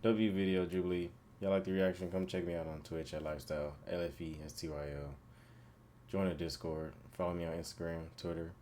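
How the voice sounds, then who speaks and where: A man's voice: low voice, flat delivery, brisk, mellow, slight background noise. A man doing casual reaction commentary, laughing often and tossing in slangy asides. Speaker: reaction streamer.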